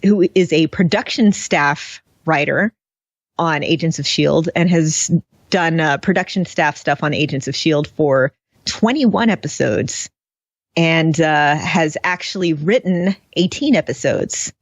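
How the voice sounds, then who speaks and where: Woman podcast host, lowish voice, sarcastic and giggly, dull dry lo-fi sound. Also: measured pace, no echo. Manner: sarcastic, laughs often, animated. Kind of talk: casual chat, TV episode discussion.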